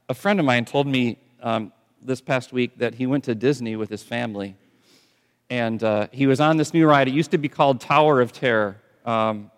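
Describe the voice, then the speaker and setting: A man preaching a sermon in a conversational way, often dropping to soft, intense tones. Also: medium pitch, clean tone. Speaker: pastor. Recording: long church reverb.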